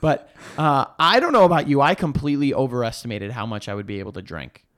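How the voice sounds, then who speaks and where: A young man co-hosting a casual chat, telling animated stories and acting out what people said. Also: medium pitch, quick pace. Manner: animated storytelling, swearing freely, acts out quotes. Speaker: podcast co-host.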